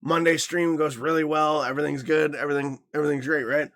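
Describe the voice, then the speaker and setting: A man's voice: a little high, steady tone, fast, a bit bright. A man in his thirties co-hosting a podcast, telling a story in a casual, profane way and acting out the people he quotes. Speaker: podcast co-host.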